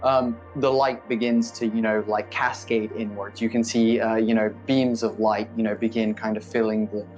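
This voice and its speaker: A man's voice: on the low side, flat delivery, normal speed, few pauses, a little mellow, highs cut off, soft background music. A man narrating as game master of a tabletop game, with loose, rambling description. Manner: rambling, many fillers and restarts.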